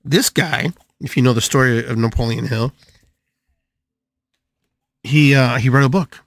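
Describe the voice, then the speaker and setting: An older man hosting a live podcast, talking through a monologue in an animated way, repeating phrases and swinging his pitch widely. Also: measured pace. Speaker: podcast host and shamanic healer.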